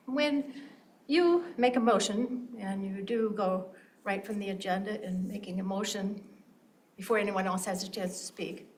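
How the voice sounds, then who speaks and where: A woman's voice: medium pitch, a little hiss or hum. An older woman, a longtime township resident, delivering a pointed, complaining public comment and mimicking how others phrase things. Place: township meeting room.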